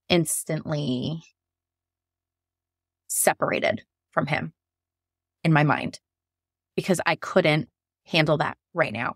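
A young woman with a low, gravelly voice tells her own story as a podcast guest. She talks candidly and animatedly, acting out the voices of others along the way. The sound is close and dry, with no room around it. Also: dry recording. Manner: lively, quotes herself, frequent laughs.

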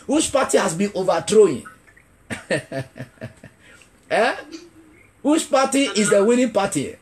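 A man's voice: high voice, big pitch swings, slow pace. A man preaching a revival sermon as an evangelist, asking the congregation questions and repeating key phrases for emphasis. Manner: emphatic, builds to shouting.

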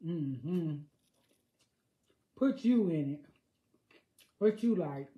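Older woman, folksy food-vlog chatter, unhurried and mellow. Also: low voice, animated, lo-fi sound. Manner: savoring, folksy, murmurs "mm" between bites. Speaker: food vlogger. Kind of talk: casual eating vlog chat. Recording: roomy echo.

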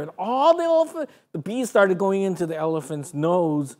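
Animated woman telling a children's story. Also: fairly low pitch, moderate pace. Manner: animated, sound effects. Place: broadcast studio.

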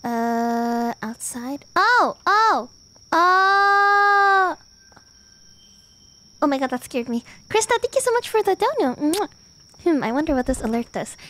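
Very high-voiced playful woman streamer. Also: big pitch swings, moderate pace, a little mellow. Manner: playful, dramatic exclamations, chatting with viewers. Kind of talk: casual gaming livestream.

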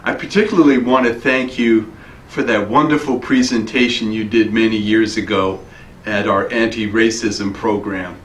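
A man giving an earnest, halting video greeting to a colleague, with many pauses and fillers. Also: on the low side, steady tone. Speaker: diocesan colleague. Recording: echoey room, faint noise.

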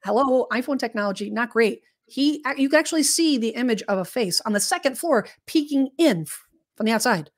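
A woman's voice: on the high side, lively intonation, a little fast. A woman co-hosting a podcast, telling a story in a rambling, meandering way, often restarting her sentences. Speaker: podcast co-host. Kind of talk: casual storytelling chat.

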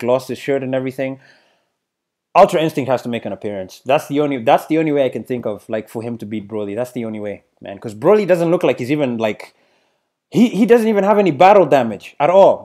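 A man hosting a casual trailer reaction video, excitable and stammering, often repeating himself. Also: mid-range voice. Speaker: YouTube reaction host.

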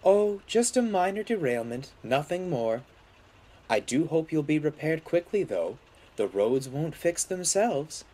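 A man's voice: fairly high pitch, very animated, measured pace, mellow, pitched above the performer's own voice. A man voicing a kind female diesel engine who speaks in a soothing, sympathetic way.

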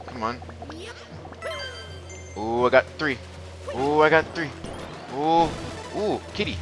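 Young male let's-play gamer, jumpy lively pitch, stammers, repeats, game music under him. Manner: excitable, stammers and repeats words. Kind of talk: excited gameplay commentary.

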